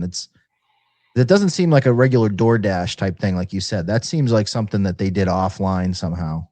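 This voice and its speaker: A man's voice: on the low side, moderate pace, darkish tone, no room sound. A man co-hosting a live stream, trading mocking, profane banter. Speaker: stream co-host. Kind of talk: casual crude banter.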